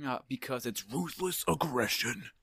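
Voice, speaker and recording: A man's voice: medium pitch, expressive, measured pace, vocal fry, a bit bright, breathy edge. A man co-hosting a casual podcast, asking playful questions and laughing often. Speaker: podcast co-host. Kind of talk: casual chat.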